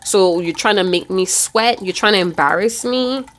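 A woman's voice: medium pitch, normal speed, fairly bright tone. A woman giving a casual tarot reading, chatty and loose, with casual swearing. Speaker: tarot reader.

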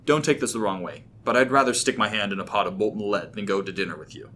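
Sullen young man, curt and bitter, low bright tone; played by a male narrator. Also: quick pace, a little hiss or hum. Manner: curt, snapping.

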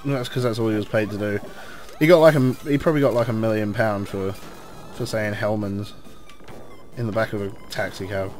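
An English man giving casual, rambling commentary while playing a video game, cursing at enemies and shouting when things go wrong. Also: mid-range voice, brisk, soft background music. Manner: excitable, swears at enemies, rambling asides. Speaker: let's play host.

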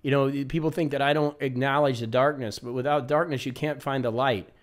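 A man's voice: mid-range voice, steady tone, a little fast. A man with a mid-range voice gives casual, enthusiastic commentary as a reaction video host. He leans on repeated words for emphasis, and guitar music plays behind him.

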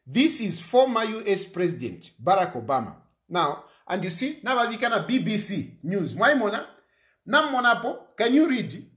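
A man's voice: high voice, echoey room. A man from Zambia, speaking to camera in emphatic political commentary, repeating himself and firing rhetorical questions.

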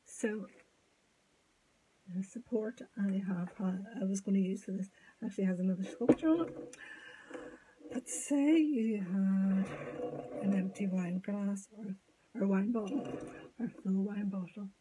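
A woman giving a step-by-step sculpting tutorial, thinking aloud as she works, halting and often dropping to a murmur. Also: medium pitch, mellow, a little hiss or hum, rough recording. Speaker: sculpting teacher.

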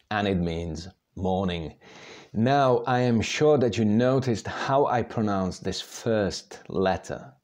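A Czech language teacher, his voice lowish and a little mellow, gives a slow, step-by-step pronunciation lesson. He patiently sounds out words aloud so learners can follow.

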